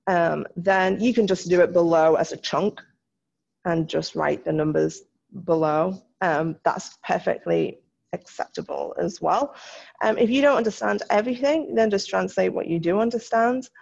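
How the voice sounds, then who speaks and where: Gravelly-voiced woman teaching French. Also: medium pitch, a little mellow. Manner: mixes English and French, patient and explanatory. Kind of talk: recorded classroom lesson. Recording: dull lo-fi recording.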